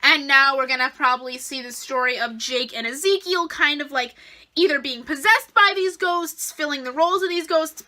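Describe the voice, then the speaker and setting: Very high, bright-voiced gushing woman. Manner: gushing and emotional; excitable, rambling. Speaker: TV episode reviewer. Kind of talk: casual fan review vlog.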